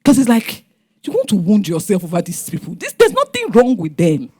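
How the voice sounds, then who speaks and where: A woman's voice: mid-range voice, fairly quick, breathy edge. A middle-aged Nigerian woman speaking as a panel guest, her voice sitting in a middle register but leaping up and down as she tells a story. She slips into the voices of her family members as she speaks. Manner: animated, acts out family members' lines.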